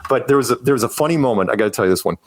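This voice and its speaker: A man's voice: mid-range voice, expressive, racing. A man, a podcast guest, telling a long story in a casual, rambling way, with many restarts and acted-out quotes.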